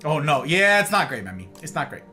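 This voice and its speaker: A man's voice: on the high side, sing-song, fairly quick, pushed and bright, faint music behind. A man casually commentating a video game live, playful and chatty, greeting his viewers. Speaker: game streamer.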